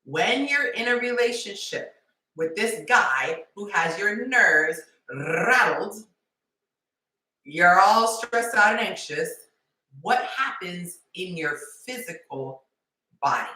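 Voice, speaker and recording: A woman hosting a live-stream dating talk, playful and animated, acting out little scenes as she coaches. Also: medium pitch, recorded from a distance. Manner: playful, acts out scenarios in quick character voices and whispers. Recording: echoey room, voice heard from off the mic.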